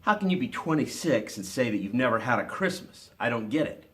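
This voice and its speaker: A man's voice: medium pitch, very animated, brisk, a bit bright. A man reading aloud and voicing a cheerful, teasing young woman in a storybook. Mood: playful.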